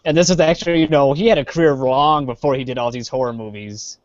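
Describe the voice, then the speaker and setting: Fast and mid-range, this Chicago-area man's voice comes through a dry, dull lo-fi live stream. As a podcast co-host in a casual chat, he rambles and trails off with many "uh" fillers.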